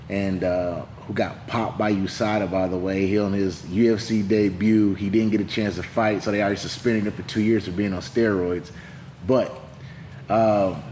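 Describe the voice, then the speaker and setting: A man's voice: lowish voice, a little mellow, a little hiss or hum. A man, a heavyweight fighter, telling his story in an interview in a loose, rambling way with lots of fillers and quoted dialogue. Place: gym. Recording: echoey room.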